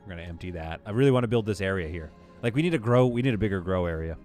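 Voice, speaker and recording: A man's voice: low-pitched, animated, very fast, a little mellow, faint music behind. A man streaming a game live, giving exasperated, self-mocking play-by-play commentary with sudden outbursts.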